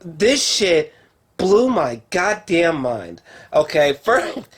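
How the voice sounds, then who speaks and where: A man's voice: fairly high pitch, very slow, noisy background. A man reviewing a TV show in a casual, rambling way, full of fillers and swearing, talking to a camera at home. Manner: rambling, profane, lots of fillers; excitable, talks straight to camera. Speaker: film and TV reviewer.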